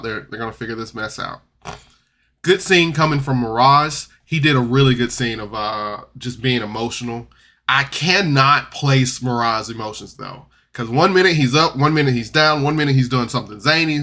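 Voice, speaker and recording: A man recapping a tabletop game podcast episode in a loose, rambling way, jumping between loud outbursts and mumbled asides. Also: medium pitch. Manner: rambling, loose, full of "like" and restarts. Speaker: podcast reviewer. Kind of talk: casual recap and commentary.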